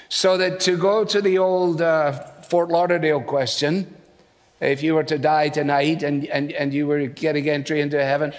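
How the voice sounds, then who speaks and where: A male preacher with a Scottish accent, preaching in a measured, deliberate way with dry humor. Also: a little high. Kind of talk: sermon. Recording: long hall reverb, played sermon video.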